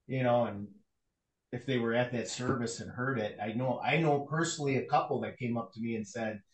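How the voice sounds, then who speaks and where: Middle-aged male guest, mid pitch, reflective and halting, roomy echo on the mic. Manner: reflective, faith-centred, halting with "you know". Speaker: guest, bereaved father. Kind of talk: casual interview. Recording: echoey room.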